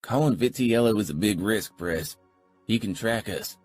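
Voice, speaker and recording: A man voicing a crude, eager young male biker who butts in pushily, in a husky voice. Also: lowish voice, moderate pace, a little mellow, soft background music, pitched above the performer's own voice. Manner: pushy, snickering.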